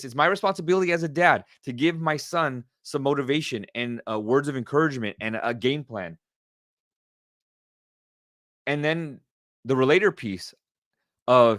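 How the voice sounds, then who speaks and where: A middle-aged man hosting a casual solo podcast, talking with excited energy and often repeating himself. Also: mid-range voice, normal speed, dry recording, clean studio sound. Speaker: podcast host.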